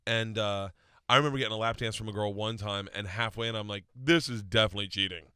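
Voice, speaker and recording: A man's voice: on the low side, steady tone, quick pace, bright, forceful tone, clean tone, no echo. A man, a comedian guest, telling rambling self-deprecating stories in a casual chat in a radio studio.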